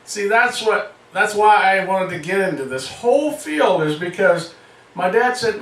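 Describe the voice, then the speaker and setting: A man's voice: high voice, animated, unhurried, fairly bright tone, echoey room, distant mic, rough recording. A man telling a comic story in a loose, profane way, often laughing.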